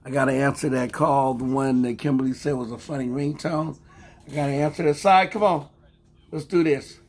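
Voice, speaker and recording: A man's voice: mid-range voice, fairly even intonation, normal speed. An older man hosting a casual vlog, teasing and joking in a folksy, playful way with his grandson. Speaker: vlog host. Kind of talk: casual live chat with grandson.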